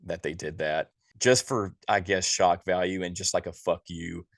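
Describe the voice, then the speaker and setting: Male podcast co-host, very low voice, dry close sound, exasperated and profane ranting. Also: steady tone, moderate pace, no room sound. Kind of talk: casual movie review chat.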